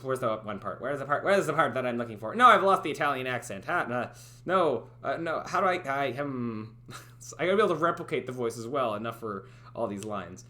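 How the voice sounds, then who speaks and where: A man's voice: mid-range voice, expressive, a little fast, sharp tone. A man streaming live, chatting casually and rambling, doubting himself and laughing at his own attempts. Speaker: streamer making a game. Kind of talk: casual livestream chat.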